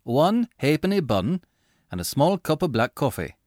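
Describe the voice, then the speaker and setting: A man reading aloud plays a serious, whimsical young man who speaks with precision and a deadpan manner. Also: a little high, moderate pace, dry recording, studio quality, pitched above the performer's own voice. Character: grave, whimsical red-haired young man.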